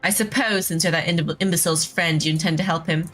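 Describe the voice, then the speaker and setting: A woman voicing a brisk, scornful young female reporter in a video game. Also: lowish voice, fairly bright tone, faint music behind, voice pushed down, lightly acted.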